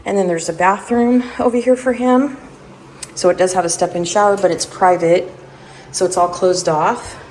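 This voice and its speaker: A woman's voice: on the low side, normal speed, darkish tone, a little hiss or hum. Chatty woman touring a house. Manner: chatty, thinking aloud, hedging guesses. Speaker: vlogger giving a house tour. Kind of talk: casual walk-through narration. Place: indoors in an empty house.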